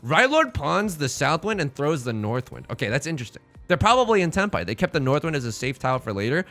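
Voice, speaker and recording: Lively, jokey man commenting on a game. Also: a little high, fast. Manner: rambling, playful, jokey asides. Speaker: let's play host.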